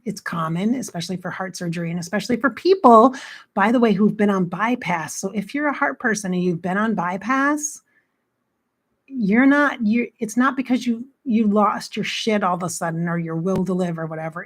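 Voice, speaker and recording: A woman's voice: medium pitch, normal speed. A woman life coach talking casually and frankly to her viewers, blunt and chatty, swearing freely and quoting herself as she goes. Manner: chatty, quotes herself with "I'm like". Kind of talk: casual motivational talk to camera.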